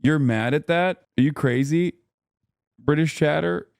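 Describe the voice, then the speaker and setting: A man's voice: fairly high pitch, measured pace, creaky, dry recording, studio quality. A man streaming casual reaction commentary in a sarcastic, rambling way. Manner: sarcastic, rambling, riffing on chat.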